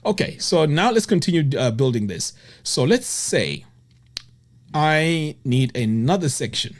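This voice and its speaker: A man's voice: big pitch swings, unhurried. A man teaching web design in a screen-recorded tutorial, walking through steps with enthusiastic exclamations. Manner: enthusiastic, exclaims "boom" and "look at that".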